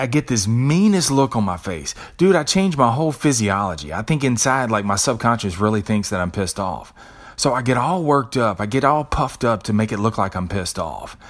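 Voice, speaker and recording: A man with a fairly low voice talks to his listeners like a friend. He tells an everyday story in a loose, profane way and often stumbles over repeated words. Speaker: podcast host. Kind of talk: casual monologue.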